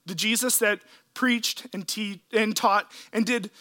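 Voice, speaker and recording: Bright, high-voiced man preaching. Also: steady tone. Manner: earnest, emotional storytelling with dramatic pauses. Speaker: pastor. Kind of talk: sermon.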